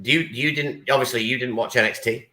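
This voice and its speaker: A man's voice: medium pitch, fairly even intonation, brisk, pushed and bright. A man co-hosting a wrestling podcast, chatting casually and with enthusiasm, swearing now and then. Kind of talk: casual chat.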